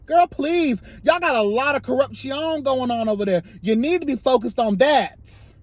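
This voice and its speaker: Man, high-pitched voice, sassy emphatic vlog rant, shifts from quiet asides to loud outbursts. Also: moderate pace, dry recording. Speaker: vlogger giving commentary. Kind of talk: impassioned commentary rant.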